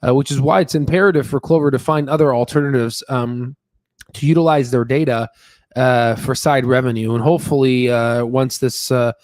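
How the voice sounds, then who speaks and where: A man's voice: medium pitch, fairly even intonation, normal speed, a little mellow, no echo, studio quality. A man hosting a stock market channel, talking casually and emphatically, repeating himself with lots of fillers and "okay?" tags. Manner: emphatic, repeats words, many fillers and tag questions. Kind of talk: casual stock analysis talk.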